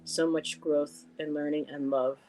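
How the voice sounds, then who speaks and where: A woman's voice: low voice, little pitch movement, a little slow, dark tone, a little hiss or hum, poor audio. A woman hosting a casual livestream, reading viewer comments aloud and greeting people by name, with frequent ums and restarts. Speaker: livestream host.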